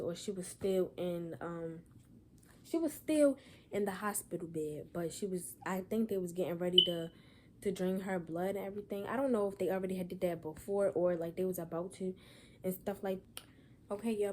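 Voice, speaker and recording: A woman's voice: medium pitch, a little mellow, a little hiss or hum. A young woman talks in an emotional personal vlog, holding back tears and rambling with many "y'all" and "like" fillers. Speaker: vlogger.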